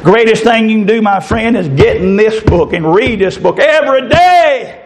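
A man's voice: high-pitched, expressive, normal speed. A middle-aged man, preaching a folksy, fervent sermon and calling out to listeners by name.

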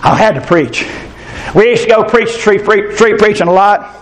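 Older pastor, man, fervent sermon delivery, slightly high voice, shouting peaks. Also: normal speed, slight background noise.

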